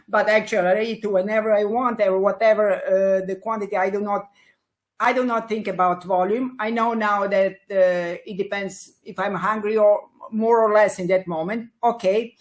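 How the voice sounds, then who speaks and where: Interview guest: woman, 60s, from Italy, lively and laughing, lots of fillers, mid-pitched. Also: a little slow. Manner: animated, laughs often, many fillers and restarts. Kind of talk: casual interview conversation.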